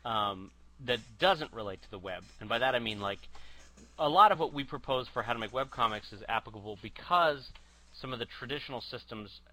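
A man's voice: medium pitch, animated, fairly quick, bright, forceful tone, rough recording. A man co-hosting a casual podcast, chatty and self-mocking. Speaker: podcast co-host. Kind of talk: casual chat.

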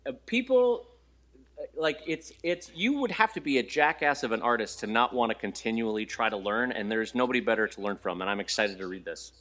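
A man's voice: mid-range voice, a little fast, fairly bright tone. A man co-hosting a podcast, chatting casually and telling jokey stories with put-on voices. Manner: jokey storyteller, mock accents and voices. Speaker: podcast co-host. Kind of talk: casual chat.

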